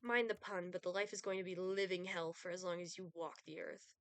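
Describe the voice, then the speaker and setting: A woman voicing a cold, sardonic male Grim Reaper in a dating game, speaking in a dry, disdainful, deadpan way. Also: on the low side, a little fast, clear, resonant tone, dry recording.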